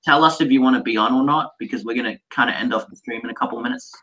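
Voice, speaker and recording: A man's voice: mid-range voice, very fast, pushed and bright, muffled recording. An Australian man co-hosting a casual livestream podcast, rambling and swearing freely. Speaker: co-host.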